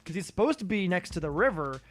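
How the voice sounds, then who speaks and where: A man's voice: sits high, sing-song, fast talker, a bit bright. Goofy, drowsy man streaming a game. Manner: goofy, profane, rambling self-talk. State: tired, yawning. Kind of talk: casual gameplay commentary.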